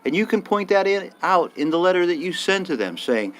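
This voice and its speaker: A man's voice: high voice, sing-song, brisk, hardly any pauses. An older man delivering a blunt, indignant monologue as a vlogger, swearing freely and pressing his points with rising emphasis. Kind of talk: casual ranting monologue.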